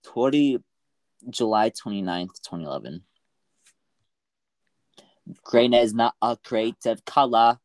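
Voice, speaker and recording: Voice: medium pitch, animated, slow, long pauses, darkish tone, dry recording, clean studio sound. A podcast co-host chatting casually, playful and joking, with frequent giggles. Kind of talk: casual chat.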